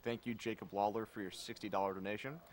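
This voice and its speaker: A man's voice: fairly low pitch, steady tone, fast talker. A man hosting a charity live stream, reading donation comments aloud in a casual, jokey way.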